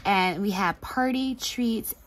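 A woman's voice: medium pitch, slow pace, slight background noise, low-quality recording. Gushing woman unboxing crafts. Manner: gushing, chatty, frequent laughs. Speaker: craft channel host. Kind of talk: casual craft mail unboxing.

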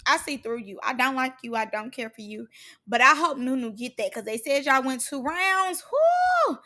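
A woman's voice: high-pitched, normal speed. A young woman giving a sassy, shady recap of a reality show, mocking the cast. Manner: sassy, shady, animated, mocks cast members in put-on voices.

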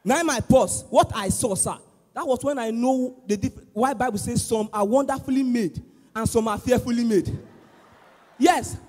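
Loud Nigerian comedian in echoey church hall. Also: male voice, extremely high pitch, normal speed. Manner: loud, animated, acts out exchanges with pastor. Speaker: stand-up comedian at a church service. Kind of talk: stand-up comedy in Nigerian Pidgin and English. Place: large church auditorium. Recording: echoey hall with long reverb.

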